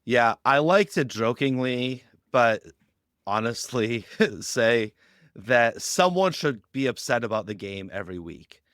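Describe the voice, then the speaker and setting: A man with a smooth, resonant voice talks as a podcast guest, building points through stories and slipping into quick quoted voices. The sound is dry and close, with no room around it. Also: mid-range voice, no echo. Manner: animated storytelling, acts out quoted lines. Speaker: guest on a youth ministry podcast. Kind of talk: conversational podcast interview.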